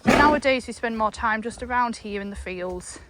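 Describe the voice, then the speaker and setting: A farm vlogger rides horseback through fields, chatting casually to a chest-mounted camera at a moderate pace amid heavy background noise. She coos at her animals in a high, sing-song voice.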